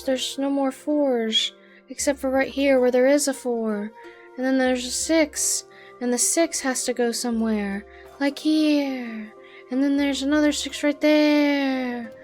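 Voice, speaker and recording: A woman's voice: high-pitched, fairly even intonation, a little slow, darkish tone. A woman streaming a game, thinking aloud as she works through a puzzle, muttering and exasperated. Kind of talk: live game commentary. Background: background music.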